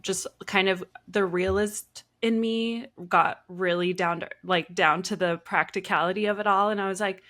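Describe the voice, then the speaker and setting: A young woman with a Southern Californian Valley accent, chatting casually as a guest designer, full of likes and ums and quick laughs. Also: mid-range voice, steady tone, fairly bright tone. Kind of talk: casual interview chat.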